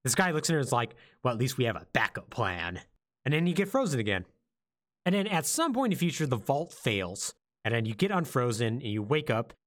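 A man on a casual podcast who swoops up and down as he tells a story. His pitch is mid-range and he jumps into the lines of each character as he goes. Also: brisk. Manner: animated storytelling, acts out quotes. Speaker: podcast co-host.

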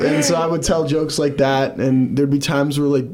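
Young man, comedian guest, casual chat, rambling, mid-pitched voice. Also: measured pace, hardly any pauses, darkish tone. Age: young adult. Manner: rambling storyteller, filler-heavy "like".

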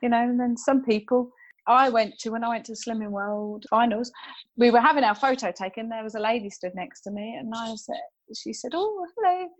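A woman talks as an interview guest, her fairly high voice bubbling with excitement. She tells stories in a rush, acting out other people's lines. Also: a little fast. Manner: excitable storyteller, quotes people. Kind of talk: casual chat.

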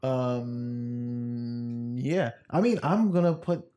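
A young man with a mid-pitched voice talks casually, explaining things in a loose, offhand way. He drops the odd swear word and keeps a conversational pace. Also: extremely slow, warm tone. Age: young adult. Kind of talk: casual chat.

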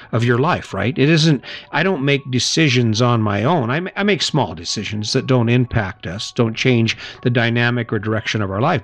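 A middle-aged man hosting a motivational podcast, talking casually and acting out short everyday exchanges. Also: medium pitch. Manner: casual, chatty, laughs and acts out little scenes. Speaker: podcast host.

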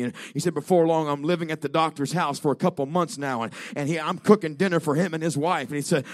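An evangelist preaching a sermon in church, telling a story that builds to shouting. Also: male voice, fairly high pitch, steady tone, quick pace, few pauses, no echo, clean studio sound.

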